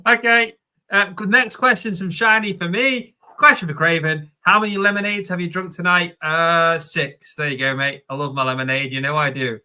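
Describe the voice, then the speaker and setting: A man hosts a live stream, chatting loosely as he reads out viewer questions. His voice sits a little high and rings very bright and forceful. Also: fairly even intonation, moderate pace, clear, resonant tone. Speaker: host.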